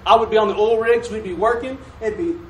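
Speaking at a quick pace in a high register, a man preaches folksy call-and-response in a church sanctuary. The distant mic captures an echoey room and slight background noise.

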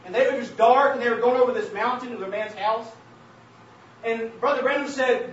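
A man preaching a sermon and sharing his testimony, calling out to the congregation as saints of God and building to emphatic shouts. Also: very high-pitched, a little fast. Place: church hall. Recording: very echoey, distant, dull church recording with faint hiss.

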